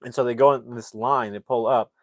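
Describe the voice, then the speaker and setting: A man's voice: medium pitch, steady tone, fairly quick, dry recording. A man casually recapping a film's plot as a movie reviewer, rambling with lots of fillers.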